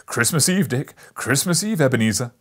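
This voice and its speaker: A man's voice: mid-range voice, lively intonation, moderate pace, fairly bright tone, pitched above the performer's own voice. A man voicing a jovial, stout old merchant with a rich, oily voice, calling out heartily in a storybook reading. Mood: hearty.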